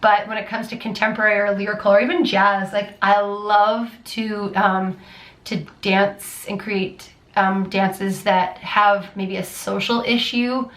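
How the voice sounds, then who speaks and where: A woman talks straight to the camera in a loose, rambling chat, often starting a sentence over. Her voice sits at an ordinary middle pitch. The room around her is echoey. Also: level tone, unhurried, a bit bright. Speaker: dance teacher and choreographer. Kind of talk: casual chatty Q&A vlog.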